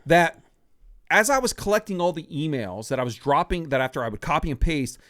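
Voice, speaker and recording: A man in his sixties hosting a podcast, telling a story from his own life in a casual, animated way, acting out what people said and often laughing. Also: on the high side, brisk, dry recording, clean studio sound. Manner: animated, acts out quoted lines, laughs often.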